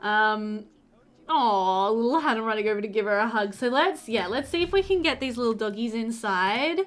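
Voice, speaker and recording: Young woman let's-play host, lightly high-pitched, chatty, doting commentary. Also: animated, normal speed. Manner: chatty and doting, coos over pets, frequent laughs. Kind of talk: casual gameplay commentary.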